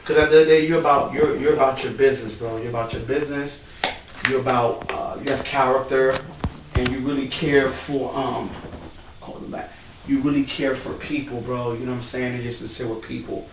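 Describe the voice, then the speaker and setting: A man's voice: mid-range voice, steady tone, brisk. A man in casual, emotional chat, peppering his talk with "bro" and "man", recorded in a church building. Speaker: co-host. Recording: roomy, distant mic, faint background noise.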